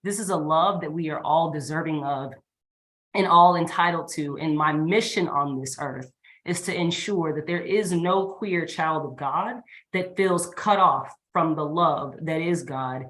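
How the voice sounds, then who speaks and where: A woman's voice: low-pitched, normal speed, a bit bright, low-quality recording. A woman reverend giving a personal testimony in an earnest, preaching cadence. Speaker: reverend and organizer. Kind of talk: testimony with a sermon-like build.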